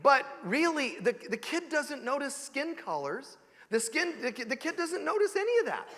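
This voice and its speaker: A man giving an animated sermon as a spiritual teacher, joking and asking rhetorical questions. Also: very high voice, normal speed, big-room sound. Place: church sanctuary.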